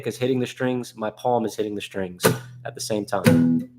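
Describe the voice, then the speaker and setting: A man's voice: fairly low pitch, normal speed. A man teaching a live online guitar class in a casual, rambling way, with many fillers and restarts.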